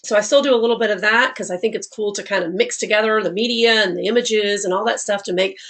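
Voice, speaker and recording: A woman's voice: mid-range voice, fast talker, fairly bright tone. Southern woman in her forties, online instructor, stuffy cold-clogged voice, chatty and prone to digressions. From Alabama, USA. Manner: friendly, rambling, digressive, many fillers. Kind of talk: live online class talk.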